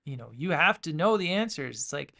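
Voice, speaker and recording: A man's voice: a little high, very animated, a little fast, vocal fry, pushed and bright. A man hosting a casual spiritual podcast, talking in a loose, rambling way with many fillers and restarts. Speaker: podcast host.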